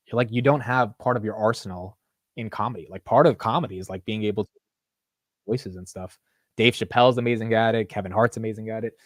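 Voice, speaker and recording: A man's voice: fairly low pitch, no room sound. Young American male host, loose slangy delivery, dry close-miked voice. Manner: casual, slangy, says dude and bro. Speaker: market show host. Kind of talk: casual livestream market commentary.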